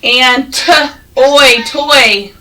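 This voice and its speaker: A woman teaching a first grade class, sounding out words slowly and praising the children. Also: sits high, pushed and bright, distant mic, low-quality recording. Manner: slow, exaggerated sounding out of words, encouraging. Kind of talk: classroom phonics and reading lesson.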